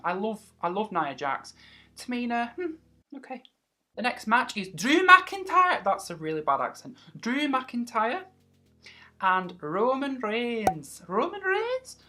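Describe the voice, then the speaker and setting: A woman's voice: sits low, fairly bright tone. A woman vlogging wrestling predictions in a chatty, casual way, acting out other people's reactions as she talks. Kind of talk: casual chat.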